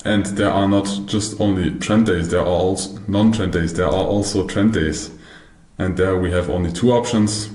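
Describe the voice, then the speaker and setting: A man's voice: sits low, a little mellow, echoey room. A man teaching a recorded trading course over slides, methodical and prone to restarting his words. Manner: methodical, restarts and corrects himself. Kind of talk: explaining slides in a recorded lesson.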